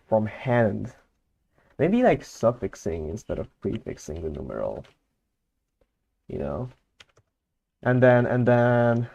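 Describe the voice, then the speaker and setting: Man on a low-fi mic, dark low voice, muses slowly and corrects himself as he goes. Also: dull audio. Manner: thinking aloud while working, many fillers and self-corrections. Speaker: conlang creator. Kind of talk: casual screen-recorded commentary.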